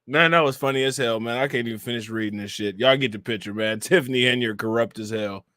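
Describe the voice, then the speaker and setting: A man's voice: medium pitch, fast, bright, forceful tone, dry recording. A man hosting a casual reaction livestream, talking in a loose, slangy way and breaking into laughter. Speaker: livestream host.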